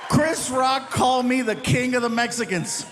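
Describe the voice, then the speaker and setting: A man performing a stand-up comedy routine, telling a story with lively acted-out voices and sudden loud bursts. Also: extremely high pitch, moderate pace, loud music behind the voice. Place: live comedy stage.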